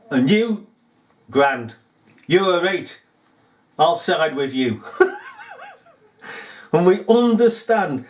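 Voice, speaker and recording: A man's voice: sits high, animated, slow pace, long pauses. A man ranting in a rambling monologue, mocking and chuckling as he talks.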